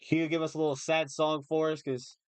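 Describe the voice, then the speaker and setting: A man's voice: a little high, level tone, brisk, clean tone, dry recording. A young man chatting on a livestream, emotional and rambling, restarting his sentences often. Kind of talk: casual livestream chat.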